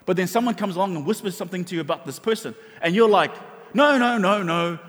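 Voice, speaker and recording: High-voiced man preaching in a reverberant hall. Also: very fast. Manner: animated, conversational preaching with many restarts. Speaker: pastor. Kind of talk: sermon.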